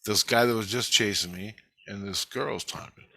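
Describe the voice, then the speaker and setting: A man's voice: on the low side, normal speed, vocal fry, bright, forceful tone. A man talking in a rambling, profane monologue about a dream he had.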